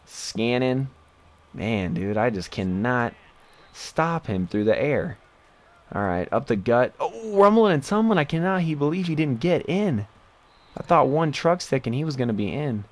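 A young man casually commentating his own football video game match, excitable and jumping to high yelps at big plays.

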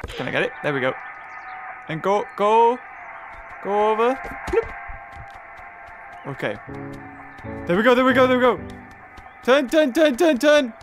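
A woman's voice: on the high side, animated, measured pace, pauses often, over music. A woman giving playful, teasing commentary while playing a video game, often laughing and squealing at the characters. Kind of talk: casual let's-play commentary.

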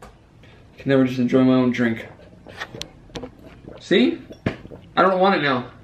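A man's voice: mid-range voice, animated, a little slow, lo-fi sound, slight background noise. A man bantering at home with his partner, teasing and stubborn in a dry way. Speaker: vlogger's boyfriend. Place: home living room. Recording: roomy home camera audio.

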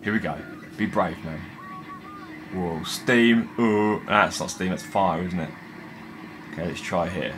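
Jumpy gamer swearing at shadows. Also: male voice, deep voice, measured pace, long pauses, slight background noise. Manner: jumpy and excitable, swearing and talking to himself. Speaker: gaming video host. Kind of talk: let's play commentary.

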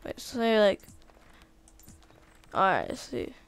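A woman giving casual, chatty commentary while playing a video game, easily excited by what she finds. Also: mid-range voice, takes it slowly, vocal fry, clear, resonant tone. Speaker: gaming video creator.

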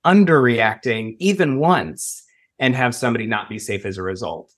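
Speaking with a mid-range, expressive voice, this man from the United States fields interview questions as an emergency preparedness expert. He stays measured but breaks into emphatic bursts.

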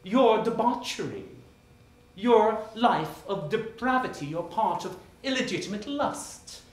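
On a theater stage, an actor plays a cold, sarcastic middle-aged husband confronting his wife, his delivery clipped, formal, mocking, and icy. His voice is high with big pitch swings and a little slow, recorded in a roomy theater with faint noise.

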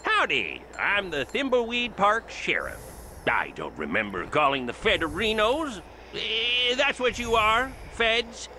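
A man's voice: high voice, wildly swooping pitch, unhurried, sharp tone, a little hiss or hum, full character voice. A man voicing a folksy, chummy small-town sheriff in a video game, tacking a silly suffix onto his words. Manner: folksy drawl, tacks "erino" onto words. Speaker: game character.

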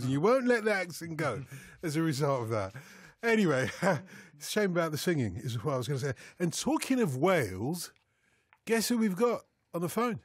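A man's voice: on the high side, big pitch swings, fairly quick, slightly rough, no echo. A man hosting a late-night radio phone-in, playful and teasing, laughing often as he chats with his pundits. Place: radio studio.

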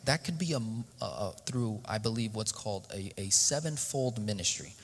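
A man's voice: lowish voice, animated, moderate pace, few pauses, slightly rough. A man giving a sermon-style teaching as a guest speaker on a church stage, often asking the audience questions. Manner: interactive, asks the audience questions. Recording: reverberant hall.

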